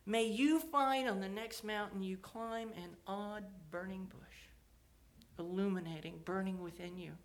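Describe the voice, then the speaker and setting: A woman's voice: mid-range voice, measured pace. A woman telling a scriptural story and closing with reflective questions and a blessing, in a meditative sermon style.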